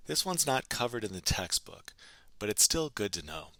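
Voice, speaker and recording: A man's voice: on the low side, big pitch swings, moderate pace, sharp tone, dry recording. A man teaching a recorded language lesson, patiently prompting each number and then giving the answer himself.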